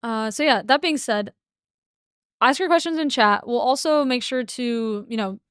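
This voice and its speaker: A young woman hosts a casual livestream and rattles off stories with lots of laughter. Her voice sits a bit high and sounds close and dry, with no room around it. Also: normal speed, fairly bright tone, smooth, no echo. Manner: chatty storyteller, laughs often. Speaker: livestream co-host.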